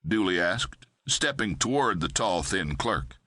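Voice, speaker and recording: A man narrates a crime thriller in a steady, measured way. His voice is low but bright and forceful. It is recorded close on a studio mic, with no room echo. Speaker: audiobook narrator.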